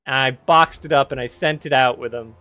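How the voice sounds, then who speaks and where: A man's voice: medium pitch, fairly even intonation, brisk, pushed and bright, dry recording, faint music behind. A man casually telling a personal story on his podcast, rambling and correcting himself with wry candor.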